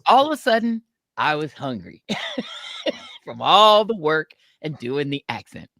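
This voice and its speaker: A woman co-hosting a podcast, telling a story in an animated, laughing way. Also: deep voice, slow pace, vocal fry, dry recording, studio quality. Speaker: podcast co-host. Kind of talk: casual storytelling chat.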